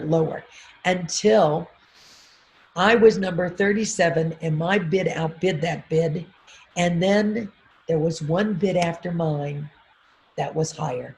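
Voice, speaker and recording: Woman speaker, middle-aged, gravelly voice, animated storytelling, video call, faint background noise. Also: lowish voice. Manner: animated storytelling with repeated affirmations and frequent laughs. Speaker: motivational speaker.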